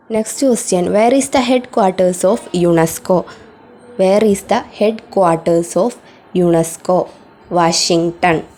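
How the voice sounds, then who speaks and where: A woman's voice: fairly low pitch, dark tone, low-quality recording. A woman reading out exam questions, repeating each one before giving the answer. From India. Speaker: student tutor.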